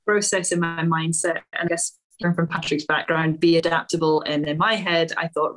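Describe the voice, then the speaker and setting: A woman's voice: deep voice, steady tone, normal speed, fairly bright tone. Young woman swimmer, matter-of-fact. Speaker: swimmer, guest. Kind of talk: casual interview chat.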